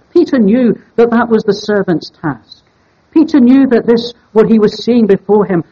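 A man preaching an evening Bible sermon in a measured, deliberate way, stressing key words as he teaches. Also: sits high, warm tone, slightly rough. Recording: dull lo-fi sermon recording.

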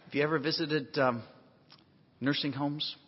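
A high-voiced, husky man preaching a sermon in a big hall with a long echo. He swings from folksy, joking asides to emphatic near-shouted lines. The recording sounds dull and lo-fi. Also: steady tone, measured pace. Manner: emphatic, rising to near shouts on key phrases; folksy asides with self-deprecating humor.

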